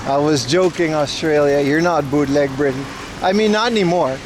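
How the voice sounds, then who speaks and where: A man's voice: fairly high pitch, moderate pace, background noise. A man chatting casually with his livestream viewers outdoors, rambling and joking playfully as he browses plants. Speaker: IRL livestreamer. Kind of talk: casual live-stream chat with viewers.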